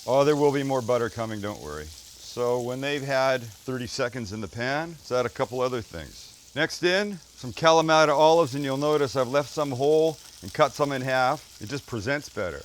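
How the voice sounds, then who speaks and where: A man's voice: medium pitch, a little hiss or hum. A man hosting a casual cooking demonstration, chatty and jokey, talking to his crew and himself as he cooks and swearing now and then. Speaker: cooking show host. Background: food sizzling in a pan.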